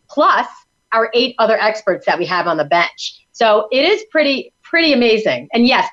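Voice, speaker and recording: A parenting coach from New York appears as an upbeat, salesy guest on a talk show, chatting enthusiastically in a studio in Tampa. Her voice is medium-pitched and a bit bright, though the audio is dull.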